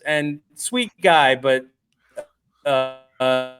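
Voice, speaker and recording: A man's voice: a little high, expressive, takes it slowly, fairly bright tone. Rambling self-deprecating man telling stories. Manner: self-deprecating, acts out quoted voices, many fillers. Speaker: guest comic artist. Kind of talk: casual storytelling chat.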